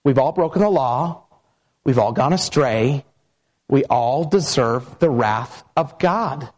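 A man preaching a sermon with emphatic, measured phrasing, sometimes slowing to draw out words and telling stories along the way. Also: medium pitch, lively intonation, a little mellow. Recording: long hall reverb.

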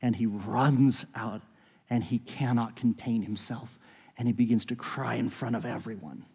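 A man preaching a sermon in a relaxed, conversational way, retelling a story with quoted dialogue. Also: medium pitch, moderate pace, husky. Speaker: pastor. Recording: long reverb of a large hall.

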